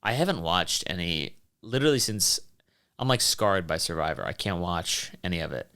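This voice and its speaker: A man hosting his own podcast, rambling through past episodes in a joking, animated way and swearing freely. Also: sits low, moderate pace. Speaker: podcast host. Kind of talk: rambling solo podcast monologue.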